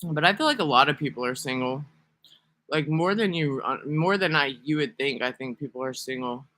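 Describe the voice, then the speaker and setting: A man's voice: on the high side, normal speed, bright, forceful tone, no room sound. A man talking casually to camera in a rambling, profane, sarcastic vlog monologue. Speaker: vlogger.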